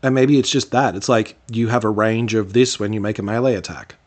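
A man co-hosting a casual podcast chat speaks briskly in a fairly low voice. He rambles through his answers with lots of fillers and restarts, laughing easily.

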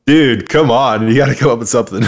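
A man's voice: medium pitch, fast talker. A man in his twenties co-hosting a podcast, joking and sarcastic in casual banter. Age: 20s. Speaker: podcast co-host.

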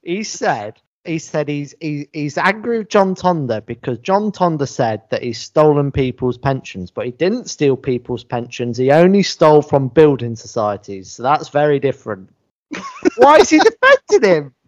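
Sarcastic man, lively voice. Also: a little high, normal speed, dry recording, muffled recording. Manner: sarcastic, mocking, laughing. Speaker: podcast panelist. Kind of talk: casual football podcast chat.

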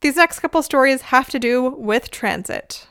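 A woman hosting a podcast, introducing segments in a measured, reflective way. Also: high voice, lively intonation, a bit bright, smooth, no room sound, clean studio sound. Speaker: podcast host. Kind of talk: scripted podcast narration.

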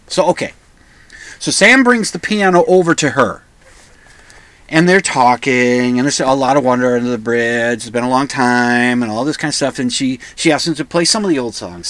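A man's voice: medium pitch, animated, normal speed, a bit bright, no room sound. A man hosting a solo podcast, rambling and pedantic, often restarting and correcting himself. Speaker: podcast host.

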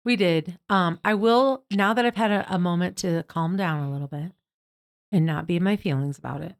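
A woman in her thirties co-hosting a casual podcast chat, lively and quick to laugh, acting out what others said. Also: on the low side, no room sound, clean studio sound. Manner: animated, laughs often, acts out quotes. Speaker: podcast co-host.

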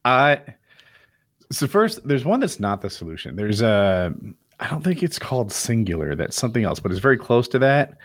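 A man co-hosting a podcast, telling stories in a casual, animated way, swearing and laughing often. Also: medium pitch, normal speed, no echo, studio quality. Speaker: podcast co-host. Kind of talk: casual chat.

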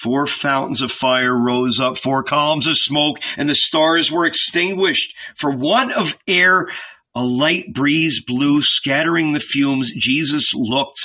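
Slow, solemn male audiobook narrator. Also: fairly high pitch, pushed and bright. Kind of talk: scripted narration. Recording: dull lo-fi recording.

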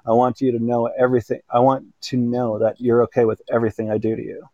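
A man voicing a soft-spoken, careful woman. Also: mid-range voice, little pitch movement, fast talker, no room sound, lo-fi sound, natural voice. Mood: earnest. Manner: soft, asks permission, often whispered. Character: gentle, careful young woman lover, short.

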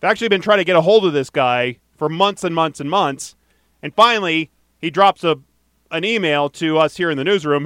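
A man's voice: on the high side, fairly quick, a bit bright, clear, resonant tone, no echo, clean studio sound. A man hosting a casual podcast, upbeat and chatty, reading out a call-in number and plugging next week's show. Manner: upbeat, chatty, laughs easily. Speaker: podcast host.

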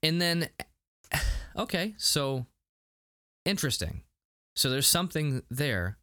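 A man co-hosting a casual podcast review, animated and laughing, with many restarts. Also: a little high, slow pace, clean tone, dry recording, studio quality. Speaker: podcast co-host.

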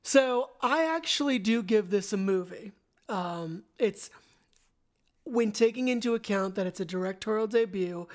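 A woman co-hosting a casual movie review podcast, joking and quick to interject. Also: mid-range voice. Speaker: podcast co-host.

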